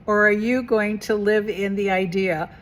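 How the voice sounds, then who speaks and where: A woman's voice: mid-range voice, fairly even intonation, a little slow, slight background noise. Chatty woman coaching viewers to camera. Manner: chatty, asks the viewer rhetorical questions, repeats phrases for emphasis. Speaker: mentor and coach. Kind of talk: casual spiritual self-help vlog.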